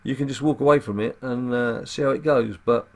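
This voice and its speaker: A man with a gravelly voice giving casual, wry commentary as he plays a card game and explains tactics. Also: medium pitch, a little fast, darkish tone. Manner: chatty and wry, muttering asides to himself. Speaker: gaming channel host.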